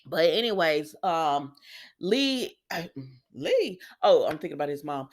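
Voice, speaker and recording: A woman's voice: low-pitched, sing-song, slow. A woman giving a casual, chatty soap opera recap, storytelling with lots of asides and quoted dialogue.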